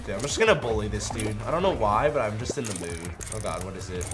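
A young man giving excitable live gameplay commentary, trash-talking and yelling in bursts. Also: lowish voice, fast talker. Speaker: gaming YouTuber. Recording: music playing behind.

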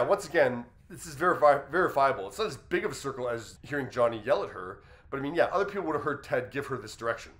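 A man hosting an entertainment news commentary, reasoning aloud in a measured way as he weighs a story. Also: medium pitch, fairly bright tone. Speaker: commentary host.

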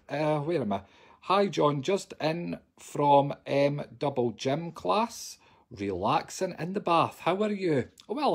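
A man's voice: on the high side, creaky, breathy edge. A man, a psychic medium, chatting cheekily and jokily to viewers on a live stream from his sofa at home into a phone. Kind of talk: casual live-stream chat.

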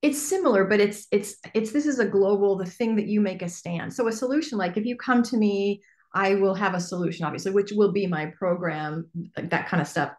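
Woman coaching a class, chatty and lively, lots of "you know", roomy echo. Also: mid-range voice, brisk. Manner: animated, chatty, lots of fillers. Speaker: business coach. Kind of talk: teaching a workshop. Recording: echoey room.

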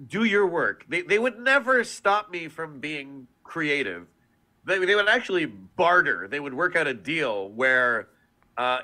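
A man's voice: a little high, pushed and bright. A man, a voice actor, chatting in a casual interview; he talks animatedly and laughs often. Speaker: voice actor guest.

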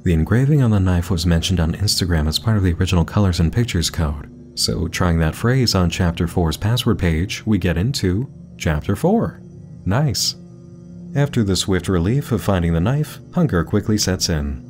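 Male host with a low voice, steady explainer, video essay narration. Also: normal speed, faint music behind.

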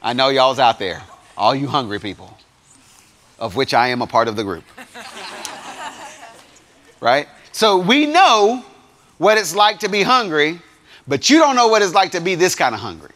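A man preaching a sermon to young people, swinging between loud points and quiet asides. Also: mid-range voice, expressive, moderate pace, long pauses. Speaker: youth pastor.

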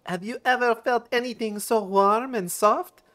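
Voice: medium pitch, unhurried, a bit bright, voice pushed up, natural voice. A streamer voicing a flirty French woman attendant from a game, with a put-on French accent and a teasing, sing-song manner. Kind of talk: reading game dialogue aloud.

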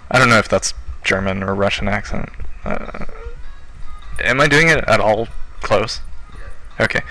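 Slow-talking young man commenting on gameplay. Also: lowish voice, rough recording. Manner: relaxed, joking, self-deprecating. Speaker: let's play host.

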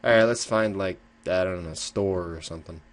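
A man's voice: low-pitched, a little fast, background noise. A young man casually commenting on a game he plays, joking and swearing, reading dialogue aloud now and then. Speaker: let's play gamer.

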